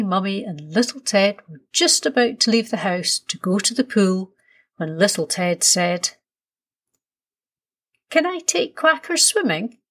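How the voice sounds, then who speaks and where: A woman reading a children's story aloud in a slow, soothing storytelling manner. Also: fairly low pitch, fairly bright tone.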